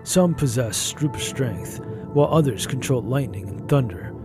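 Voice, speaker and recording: A man narrating a first-person story in an even, measured way. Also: medium pitch, over music.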